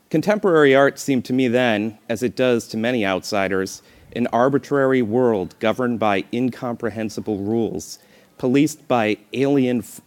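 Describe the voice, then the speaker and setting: A man's voice: mid-range voice, a little mellow. A man reading a memoir aloud in a dry, wry manner, breaking off now and then for playful off-the-cuff remarks.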